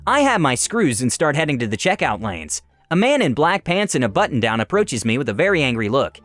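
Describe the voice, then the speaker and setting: A man narrating stories, reading them aloud in an expressive, animated way. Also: mid-range voice, brisk, dry recording, soft background music. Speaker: story narrator. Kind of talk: storytelling narration.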